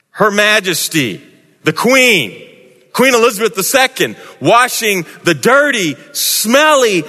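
A man's voice: sits high, bright, forceful tone. A man preaching a sermon dramatically, with wide swings in tone and emphasis. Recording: echoey hall.

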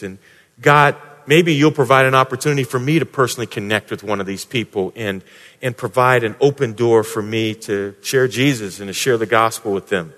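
A man preaching a sermon as a pastor, moving from hushed, prayerful passages to raised, emphatic points. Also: medium pitch, brisk. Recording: long hall reverb.

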